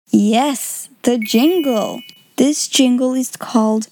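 A woman reading a storybook aloud in a measured, expressive way. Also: a little high, no echo.

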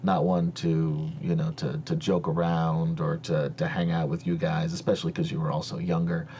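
A man narrating as game master of a tabletop game, slow and hesitant with many fillers. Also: extremely low pitch, little pitch movement, warm tone, lo-fi sound, slight background noise.

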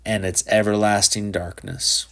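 A man's voice: on the low side, flat delivery, a little slow, vocal fry, fairly bright tone. A man reading a sly teenage hellfire preacher. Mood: knowing.

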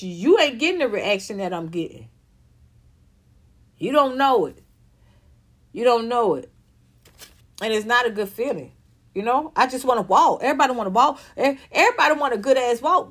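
A woman in her fifties ranting in an emphatic, profane monologue, often repeating herself. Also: on the high side. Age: 50s. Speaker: vlogger.

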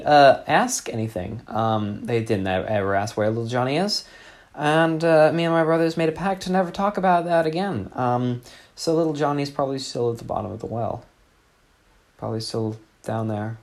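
A man telling a deadpan comic story in a rambling way, with many fillers. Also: mid-range voice.

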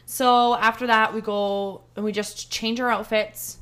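A young woman co-hosts a casual podcast, recounting a disastrous trip with lots of swearing. She gets animated when quoting people. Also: on the high side, measured pace, smooth. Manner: animated, swearing, quotes people in heated voices. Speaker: podcast co-host. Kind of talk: casual storytelling chat.

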